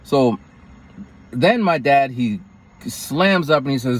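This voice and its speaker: A vlogger with a medium-pitched, slightly rough voice tells a personal story slowly and in a rambling way. He's animated, acting out other people's lines in raised voices with big vocal swings.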